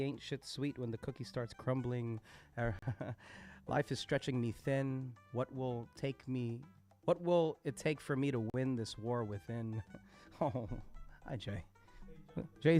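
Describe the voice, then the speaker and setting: A man hosting a live poetry open mic, recapping each performer's lines and thanking them, animated and quick to laugh. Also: medium pitch. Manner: animated, laughing, quoting performers with shouted bursts. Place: poetry cafe venue, live.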